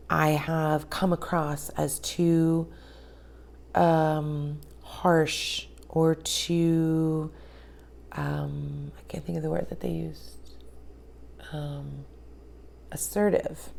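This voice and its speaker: A woman in her forties speaking candidly in a reflective personal monologue, often pausing to search for words. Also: sits low, creaky, a little mellow. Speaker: vlogger.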